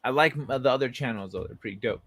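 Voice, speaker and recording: A man talks fast from his bed at home during a late-night livestream, reading chat messages aloud and calling viewers by name. The mood is loose, rambling and easygoing. His voice is medium-pitched and a bit bright, with no echo.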